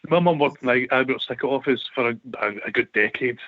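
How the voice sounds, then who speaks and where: A Scottish man tells his stories earnestly, tripping over his words as he goes. His pitch is ordinary and the sound is dry and close. The recording is dull and lo-fi. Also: quick pace, no echo. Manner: earnest, stumbling storyteller. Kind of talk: casual phone-in chat.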